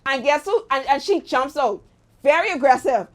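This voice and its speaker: A young woman hosts her show and tells a personal story in an animated, exclaiming way. Her voice sits a little high, and she speaks in a casual storytime monologue. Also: normal speed. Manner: lively, animated retelling with exclamations. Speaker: host.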